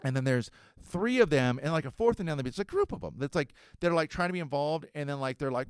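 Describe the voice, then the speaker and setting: A man's voice: fairly high pitch, fast, no room sound. A man in his forties tells a story on a podcast, cursing often and poking fun at himself. His voice rises and falls a great deal as he gets worked up. The sound is close and dry, with no room around it. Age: 40s. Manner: profane, animated and self-mocking. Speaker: podcast host. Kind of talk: casual storytelling.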